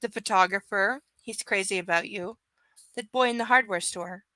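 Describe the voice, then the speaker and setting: A woman's voice: medium pitch, normal speed, bright, forceful tone, no echo, lightly acted. A woman voicing an intense, jealous young man in a romance novel, speaking insistently. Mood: brooding.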